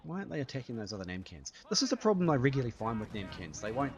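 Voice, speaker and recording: A man talks through his gameplay as it happens, chatty and playful, tossing in little sound effects. His pitch swings widely and his delivery stays lively. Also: very fast, highs cut off. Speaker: gaming YouTuber. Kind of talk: live gameplay commentary.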